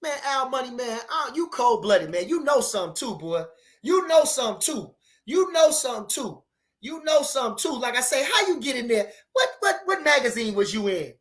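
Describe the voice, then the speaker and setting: A man hosts a relaxed livestream about boxing and reads viewer comments aloud. His talk is slangy and animated. He repeats his points, and laughter often breaks into it. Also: very high voice, normal speed. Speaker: boxing channel host. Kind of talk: casual livestream chat reading viewer comments.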